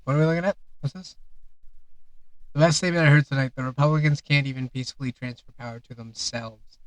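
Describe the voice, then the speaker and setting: A man's voice: a little high, lively intonation, brisk, fairly bright tone, no room sound, poor audio. A man streaming live, reacting to maps in casual commentary with sarcastic, exasperated outbursts.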